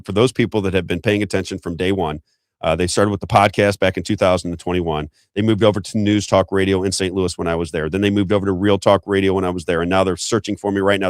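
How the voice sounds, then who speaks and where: A man hosting a show of political commentary, talking excitedly and rambling with restarts. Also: low voice, no echo, studio quality. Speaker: show host.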